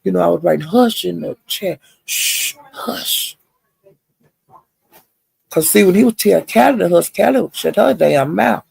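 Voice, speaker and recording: Gossipy vlogger man with a gravelly, raspy voice, slightly high, dry close sound. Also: quick pace, few pauses. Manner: chatty, calls listeners honey and child; animated retelling, mimics others' quotes. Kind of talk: gossipy storytelling.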